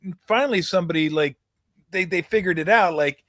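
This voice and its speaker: A middle-aged male host muses in a relaxed backyard chat, laughing easily. His voice sits a little high, and the sound is dry and close. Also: a little fast, no echo. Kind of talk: casual chat. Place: backyard outdoors.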